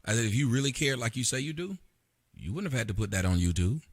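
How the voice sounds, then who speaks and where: A man's voice: mid-range voice, lively intonation, fast talker, breathy edge. A man hosting a casual live-stream chat, talking loosely, questioning his guest and laughing often. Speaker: show host.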